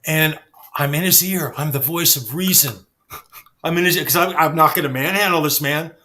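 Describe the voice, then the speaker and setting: A man telling backstage stories in a casual chat, animated and swearing freely. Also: a little high, normal speed. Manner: animated, acts out quoted dialogue, swears freely. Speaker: guest storyteller.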